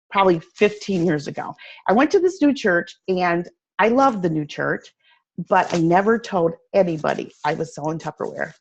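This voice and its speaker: A woman giving a casual sales training talk, telling stories in a chatty, animated way full of fillers and restarts. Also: on the low side. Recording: dull lo-fi recording.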